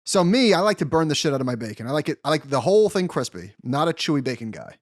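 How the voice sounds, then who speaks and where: A man's voice: on the high side, sing-song, quick pace, dry recording, clean studio sound. A man co-hosting a podcast, talking bluntly and emphatically in casual chat, with easy swearing. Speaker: podcast co-host.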